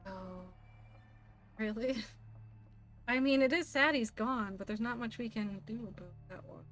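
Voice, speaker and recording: A young woman streaming a game live, chatty and animated with sudden squeals. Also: fairly high pitch, unhurried, faint music behind. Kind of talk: live gameplay commentary.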